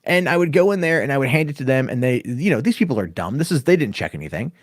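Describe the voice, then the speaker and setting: A man on a casual podcast spins a rambling, profane story and jumps into the voices of the people in it. His voice sits at an ordinary pitch and sounds close and dry, with no room around it. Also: fast talker, no echo. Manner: profane, animated storyteller acting out dialogue. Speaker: podcast host.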